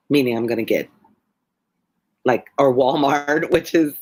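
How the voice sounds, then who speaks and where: A woman's voice: extremely low pitch, expressive, moderate pace, pauses often, breathy edge. Tired Southern American woman, chatty. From Michigan. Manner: chatty, meandering, drawling when tired. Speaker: ESL teacher and read-along host. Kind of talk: casual rambling chat to viewers.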